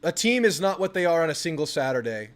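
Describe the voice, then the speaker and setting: A young man with a fairly high voice hosts a live football watch party, talking casually through the game. He flips from relaxed chatter to excited yelling at the screen when his team makes a play. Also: quick pace. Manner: excitable, yells at the TV during big plays. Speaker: sports channel host.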